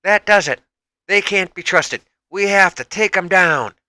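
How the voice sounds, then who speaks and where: Man doing a brash superheroine, Southern drawl, high and loud. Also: unhurried, no echo, full character voice. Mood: defiant. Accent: Southern US drawl, put on.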